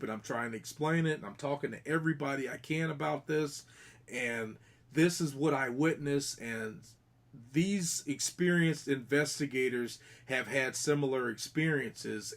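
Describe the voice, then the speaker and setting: A man's voice: medium pitch, fairly bright tone. A man on a podcast earnestly telling, in detail, about a ghostly encounter during an investigation, often restarting his sentences. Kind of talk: casual podcast storytelling.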